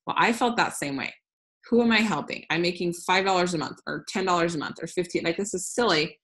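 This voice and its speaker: A woman's voice: sits low, fairly quick, a bit bright. A woman in her thirties giving a casual, upbeat business training talk, frank and full of restarts. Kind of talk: casual training talk over screen share.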